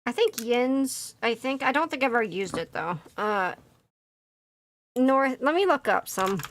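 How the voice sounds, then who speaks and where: A woman's voice: on the high side, lively intonation, measured pace, a little hiss or hum. A woman with a Philadelphia accent, chatting casually as a streamer while building a model kit, rambling with lots of fillers and restarts. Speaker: VTuber streamer. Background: faint background music.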